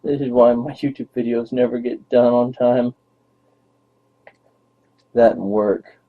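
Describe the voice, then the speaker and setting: A man's voice: medium pitch, steady tone, a little slow. A young man rambling playfully to his dog on camera in baby talk, as a vlogger. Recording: tinny phone-like lo-fi audio.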